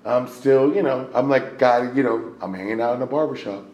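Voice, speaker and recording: A man from the United States speaking to a recovery meeting, talking casually with lots of fillers, sometimes hushed and sometimes shouting. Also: medium pitch, brisk, highs cut off. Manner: animated, swings from hushed to loud shouting; conversational, many fillers and "right?". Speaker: AA speaker sharing his story. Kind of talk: recovery share to a live meeting. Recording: roomy echo, faint room noise.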